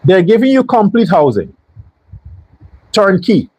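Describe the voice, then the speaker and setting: A man's voice: sits high, sing-song, unhurried, darkish tone, breathy edge, no room sound, rough recording. A man hosting a political commentary show, talking in a heated, blunt and profane way and firing off repeated rhetorical questions. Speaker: show host.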